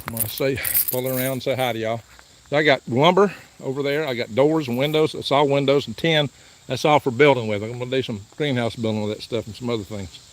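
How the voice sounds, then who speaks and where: A man's voice: mid-range voice, fast, slight background noise. A man, hosting a casual live vlog from his farm and reading viewer messages aloud in a chatty, folksy way. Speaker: livestream host. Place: outdoors on a farm, in and around a truck. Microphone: phone held by the speaker.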